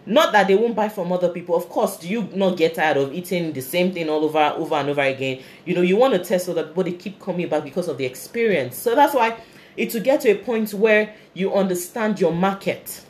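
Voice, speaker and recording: A woman's voice: lowish voice, fairly quick, darkish tone. A Nigerian woman in her thirties who runs a fashion business, giving earnest, motivational talk on a live stream and answering viewer comments. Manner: earnest and motivational, repeats key phrases.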